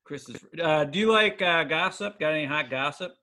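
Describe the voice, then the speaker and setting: A man's voice: on the high side, lively intonation, moderate pace, pushed and bright. A man hosting a podcast, asking laid-back questions and calling out segments. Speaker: podcast host. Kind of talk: casual chat.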